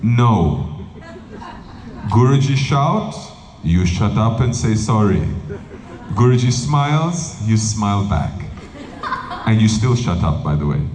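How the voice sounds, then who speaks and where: A monk giving a humorous spiritual talk, telling stories with lively delivery and acting out quoted voices. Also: male voice, fairly low pitch, slow pace, pauses often, a crowd in the background. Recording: roomy hall with faint noise.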